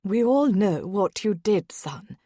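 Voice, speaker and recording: A woman reading a stern, dignified noble mother in a measured, firm voice in an audiobook. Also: mid-range voice, expressive, mellow, no room sound, studio quality.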